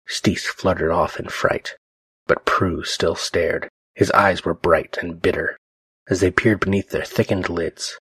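Brief: male reader, deep husky voice, measured dramatic read, dry close sound. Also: steady tone, fairly bright tone, dry recording. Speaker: reader and host. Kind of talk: reading a novel aloud.

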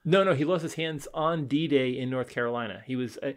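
A man at an everyday middle pitch talks casually about old movies. He rambles, restarts his sentences and chuckles as he goes. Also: fairly quick. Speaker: podcast co-host. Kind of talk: casual film discussion.

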